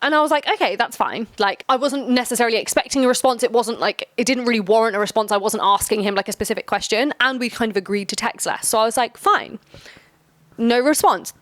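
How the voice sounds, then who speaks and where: A woman's voice: on the high side, fairly bright tone, no echo. Chatty young woman telling a story. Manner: chatty, quick, lots of "like" fillers. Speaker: storytime host. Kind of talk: casual storytime chat.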